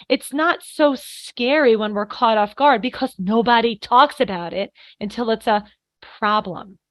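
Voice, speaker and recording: A woman's voice: fairly high pitch, measured pace, dry recording. A middle-aged woman coaching on anxiety, chatting earnestly on a podcast and telling stories with quoted lines. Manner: earnest, explains with anecdotes and acted-out quotes. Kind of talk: casual podcast conversation.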